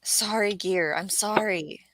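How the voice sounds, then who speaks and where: A woman's voice: mid-range voice, takes it slowly, over a noisy crowd. A woman chatting casually and apologizing as she talks. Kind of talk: casual chat.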